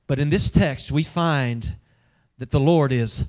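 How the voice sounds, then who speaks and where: A man's voice: medium pitch, slow pace, a little mellow. A man preaching a sermon, conversational and humorous, talking directly to his congregation. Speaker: pastor.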